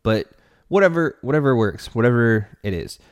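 A man's voice: medium pitch, lively intonation, normal speed, smooth, no room sound, studio quality. A man hosting a relationship podcast, giving earnest, casual advice straight to the listener.

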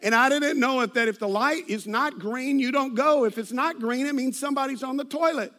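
A man's voice: extremely high pitch, fairly quick, pushed and bright. A middle-aged man, a pastor preaching a sermon full of personal stories, telling them animatedly with many restarts and asides.

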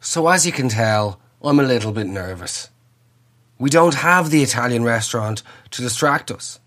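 A man's voice: medium pitch, expressive, normal speed, a bit bright, soft background music. A man in his twenties with a Dublin accent, nasal and a bit sick, telling a sweary comic story. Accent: Dublin Irish. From Ireland. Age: 20s. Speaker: comedian podcaster. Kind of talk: comic monologue.

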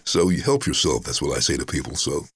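A man talks in a casual interview with an extremely deep, rumbling voice that carries a husky edge. He tells stories with confidence, acting out what others said. His delivery is relaxed and self-assured. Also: quick pace, dry recording, studio quality. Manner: confident storyteller who acts out quotes. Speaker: voice-over artist and guest. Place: his home during lockdown.

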